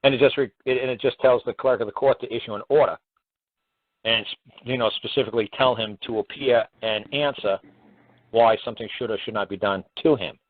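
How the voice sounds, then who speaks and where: A man's voice: mid-range voice, fairly quick, no room sound. A man hosting a call-in radio show, explaining in a plainspoken, rambling way that stumbles and repeats words. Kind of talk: casual call-in radio talk. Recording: dry, tinny phone-like radio audio.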